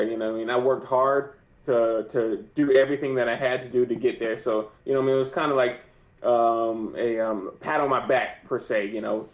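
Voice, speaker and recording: A young man interviewed as a pro fighter, rambling with lots of "you know what I mean". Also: medium pitch. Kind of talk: casual interview. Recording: muffled echoey remote audio.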